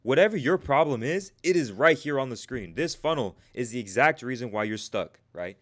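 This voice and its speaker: A man's voice: mid-range voice, lively intonation, normal speed, hardly any pauses, a bit bright. A man talks to his stream audience as a trading coach, loose and conversational, with a mid-range voice. He tacks a questioning "right?" onto nearly every point and calls out viewers in the chat by name. It sounds like an informal live coaching session rather than a scripted lecture.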